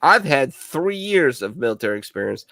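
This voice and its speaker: A man's voice: medium pitch, sing-song, moderate pace, vocal fry, no echo. Brief: veteran man, show regular, swears freely, rambles through bar stories, dry close mic. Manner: profane, rambling, laughs loudly. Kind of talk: casual bar banter, storytelling.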